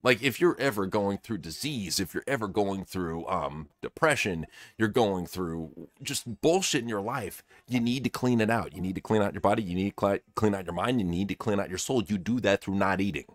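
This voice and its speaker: Low voiced dude hosting a podcast, blunt and opinionated, swears constantly, dry mic. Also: male voice, animated, normal speed, hardly any pauses, no room sound. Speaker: podcast host. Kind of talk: casual podcast chat.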